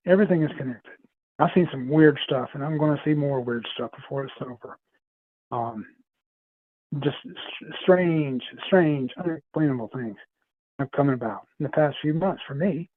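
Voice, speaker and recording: Podcast guest, male, slightly higher voice, loose rambling storyteller, dry phone-line sound. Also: normal speed, no echo. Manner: rambling, repeats himself, laughs often. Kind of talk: casual storytelling chat.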